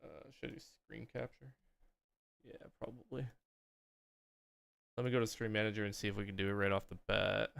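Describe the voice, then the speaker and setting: A young man hosting a casual livestream, relaxed and chatty as he thinks aloud. His voice has a gravelly edge yet comes through very crisp and clean. The sound is close and dry, with no room in it. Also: on the low side, a little fast, pauses often, dry recording. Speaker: streamer host.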